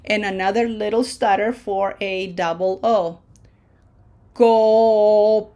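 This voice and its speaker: A woman teaching pronunciation in a slow lesson, drawing out each syllable and often checking in with "okay?". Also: medium pitch, steady tone, a little mellow, muffled recording. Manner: drawn-out syllable-by-syllable modeling of words.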